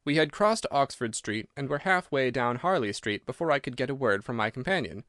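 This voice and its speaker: Male audiobook narrator, mid-pitched, measured and steady; dry close mic. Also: no room sound. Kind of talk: scripted narration.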